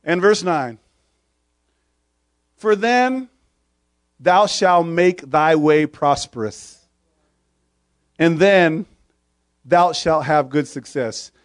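A man's voice: fairly high pitch, lively intonation, extremely slow, long pauses, no echo, clean studio sound. A man preaching a sermon, quoting old-fashioned scripture and firing short questions at the congregation.

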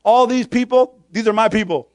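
A man's voice: high-pitched, normal speed, a little mellow, no room sound. A man preaching a sermon, quoting old-fashioned scripture and firing short questions at the congregation.

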